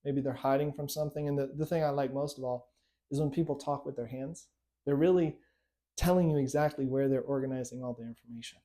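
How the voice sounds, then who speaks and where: Guy teaching hypnosis to camera, chatty, relaxed dark tone, keeps saying right and okay. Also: medium pitch, quick pace. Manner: conversational, repeating tag questions like right and okay. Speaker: hypnotist and coach. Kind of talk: instructional talk to camera.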